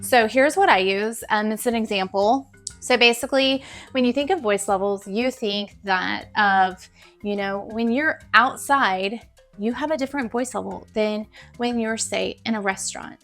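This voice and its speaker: A woman's voice: fairly high pitch, moderate pace, fairly bright tone. A young adult woman teacher talking casually to camera, giving classroom tips in a chatty, encouraging way that repeats things for emphasis. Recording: faint background music.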